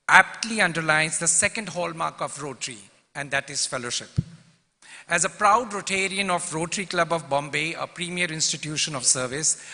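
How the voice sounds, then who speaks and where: In a big convention hall full of long echo, a male club president reads out a formal, prepared welcome, running through the list of dignitaries. His voice runs high, pushed and bright.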